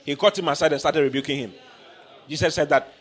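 A man preaching a sermon, emphatic and repetitive, breaking into shouts. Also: a little high, fast.

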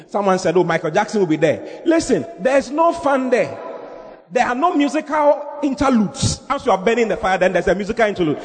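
A man preaching an evangelistic sermon, swinging from loud animated shouting to low, earnest scripture reading. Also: brisk, long reverb tail, a faint crowd.

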